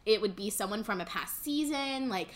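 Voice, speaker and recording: A woman's voice: mid-range voice, lively intonation, moderate pace. A young woman co-hosting a casual chat, blunt and emphatic in her opinions. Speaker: co-host.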